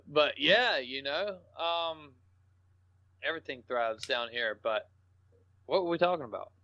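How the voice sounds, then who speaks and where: A man's voice: a little high, lively intonation, unhurried, sharp tone, dry recording. A man, a podcast guest telling rambling, salty, joking stories in casual talk. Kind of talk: casual storytelling interview. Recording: dull lo-fi podcast audio.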